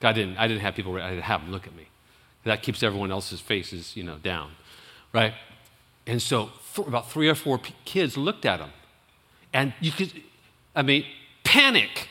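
A man who is a youth pastor, telling a story in a sermon, animated and rambling, with restarts and laughs. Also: a little high, moderate pace, long pauses, in a large hall.

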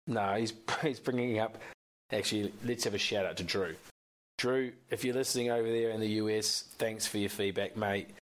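Rambling Australian man, lowish voice. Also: fairly even intonation, normal speed. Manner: rambling, opinionated, swears casually. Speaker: podcast co-host. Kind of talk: casual sports chat.

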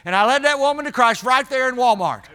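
A man's voice: very high voice, expressive, quick pace, bright, forceful tone. A man preaching a sermon in a folksy, emphatic way, calling out to the congregation as he tells stories.

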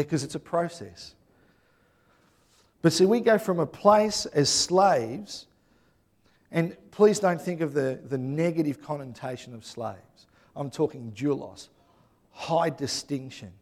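A man preaches in a relaxed, conversational style. His voice sits a bit higher than most men's. He keeps checking in with his listeners by asking "yeah?". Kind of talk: sermon.

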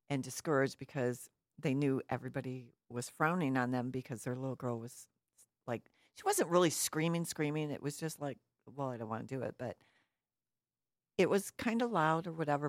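A woman's voice: low-pitched, dry recording, clean studio sound. A woman giving an earnest, reflective talk, telling a personal story and asking the listener questions.

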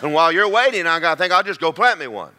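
An older man delivers a sermon in a folksy, emphatic way. His voice sits a little high and sounds bright and forceful. He drags out key words slowly to drive them home. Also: expressive. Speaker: preacher.

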